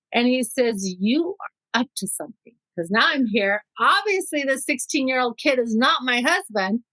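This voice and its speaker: Middle-aged woman from Mexico, interview guest, lively first-person storyteller, slightly high voice, dry close sound. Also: no room sound, rough recording. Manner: vivid storyteller who acts out quotes.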